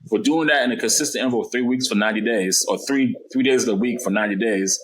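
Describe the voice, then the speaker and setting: A man's voice: mid-range voice, fast, rough recording. A man, a real estate investor guest, telling his story in a casual podcast interview and acting out the dialogue. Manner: animated, acts out dialogue in his stories.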